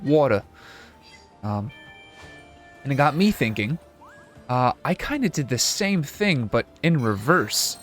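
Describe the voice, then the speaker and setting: A young man with a mild Canadian accent talks through a video game in a loose, rambling way, stopping and restarting his sentences. His voice sits in an ordinary middle pitch. Quiet game music plays faintly underneath. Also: big pitch swings. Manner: rambling, halting, self-correcting. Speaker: gaming video host. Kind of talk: casual let's-play commentary.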